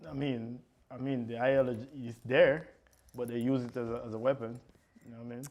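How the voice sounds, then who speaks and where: A man's voice: medium pitch, level tone, fairly quick, muffled recording. Chill guy hosting a podcast, medium voice, easygoing questions, lots of mm-hmms. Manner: laid-back, loose questions and agreeing murmurs. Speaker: podcast host. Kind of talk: casual chat.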